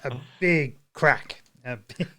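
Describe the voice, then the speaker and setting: A man's voice: medium pitch, slow, bright, forceful tone. A man hosting a livestream, telling stories in a rambling, casual way with many restarts. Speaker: livestream host. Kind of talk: casual chat.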